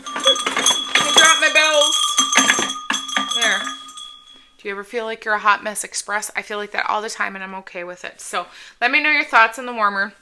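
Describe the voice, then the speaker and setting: Bright-voiced chatty woman vlogger. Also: medium pitch, quick pace, a little hiss or hum. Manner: chatty, rambling, self-interrupting. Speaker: YouTube product reviewer. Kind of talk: casual haul vlog chat.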